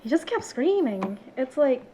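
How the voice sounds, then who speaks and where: A woman's voice: high-pitched, a little slow, a little hiss or hum, poor audio. A young woman in her twenties, a podcast guest chatting casually, giggling and acting out what others said. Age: 20s. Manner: giggly, animated storytelling with acted-out quotes. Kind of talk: casual chat.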